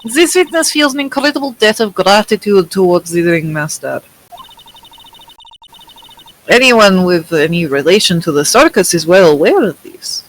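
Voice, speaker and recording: A woman's voice: mid-range voice, very animated, moderate pace, a little hiss or hum, pitched below the performer's own voice, lightly acted, poor audio. A woman doing a haughty young prosecutor. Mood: stern. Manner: stern, formal courtroom delivery.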